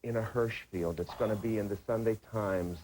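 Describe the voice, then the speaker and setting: A man's voice: fairly low pitch, steady tone, moderate pace, a little mellow, a little hiss or hum, poor audio. Enthusiastic man actor telling anecdotes. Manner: rambling anecdotes with filler and restarts, enthusiastic. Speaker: talk show guest, actor. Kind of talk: casual chat. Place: television studio. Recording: old broadcast recording.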